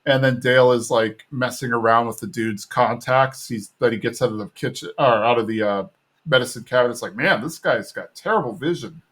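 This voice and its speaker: A man's voice: medium pitch, steady tone, a little fast, fairly bright tone. A man hosting a podcast, casually recapping a cartoon episode and acting out its characters. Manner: retells scenes, acting out characters. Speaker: podcast host.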